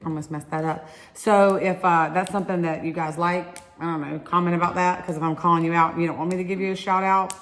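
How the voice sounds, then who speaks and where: A woman's voice: lowish voice, fairly even intonation, quick pace, fairly bright tone. A woman in her forties from Alabama with a Southern accent, chatting casually while answering viewer questions and stretching one-syllable words into two. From Alabama, USA. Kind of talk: casual chat.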